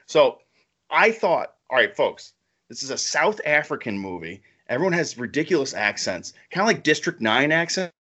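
A man co-hosting a podcast in casual chat, excitable and rambling, laughing often. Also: medium pitch, moderate pace. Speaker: podcast co-host.

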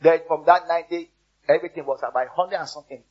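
A man's voice: on the high side, fast, darkish tone, husky, dull audio. A man preaching a sermon as a pastor, telling stories and repeating words for emphasis. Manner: storytelling, repeats words for emphasis, exhorts the congregation.

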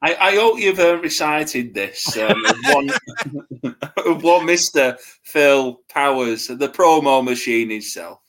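A man co-hosting a chatty podcast, his pitch swinging lively up and down as he tells stories. He laughs often and keeps an animated, bantering tone. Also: takes it slowly. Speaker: podcast co-host. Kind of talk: casual chat.

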